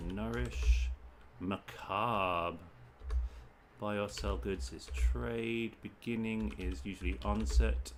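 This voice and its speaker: A man from the UK reads crossword clues aloud at an unhurried pace and mutters guesses in short bursts. His voice sits on the low side. Faint keyboard typing and room noise sit behind him at a home desk. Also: gravelly. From United Kingdom. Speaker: streamer solving crosswords. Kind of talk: thinking aloud while solving.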